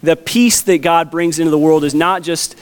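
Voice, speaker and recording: Guy in his 30s preaching, easygoing folksy pastor, voice sits a bit high. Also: steady tone, normal speed, smooth. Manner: folksy, storytelling with family anecdotes. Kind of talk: conversational sermon.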